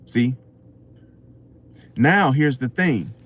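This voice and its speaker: Slow-talking guy doing a preachy astrology monologue, keeps asking "see?". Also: mid-range voice, expressive. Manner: preachy, rhetorical questions, keeps saying "see?". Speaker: astrology channel host. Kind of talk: unscripted motivational monologue.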